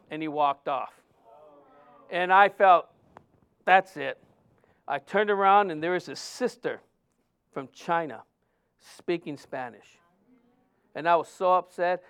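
A man's voice: high-pitched, clean tone. A male pastor of Mexican heritage preaching a sermon, telling personal stories and acting out the voices of the people in them. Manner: animated, acts out quoted voices in stories.

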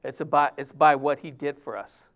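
A male pastor, preaching in a conversational way, with many fillers and restarts, dropping his voice softly when he quotes others. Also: fairly high pitch, moderate pace, muffled recording. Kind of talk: sermon.

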